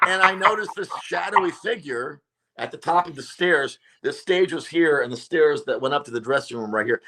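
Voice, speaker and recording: A comedian telling a story in casual chat, acting out the people he quotes. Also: fairly high pitch. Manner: animated, acts out quotes. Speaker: comedian guest.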